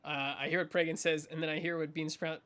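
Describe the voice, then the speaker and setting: A man playing in a tabletop game, describing his actions haltingly with lots of fillers. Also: a little high, level tone, sharp tone. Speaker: player. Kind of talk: casual tabletop play.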